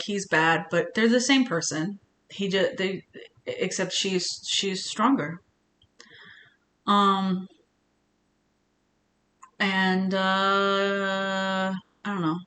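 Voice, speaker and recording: A woman's voice: mid-range voice, fairly bright tone, a little hiss or hum. A woman streamer chatting casually on a live stream, rambling with many restarts and sounding earnest and emotional.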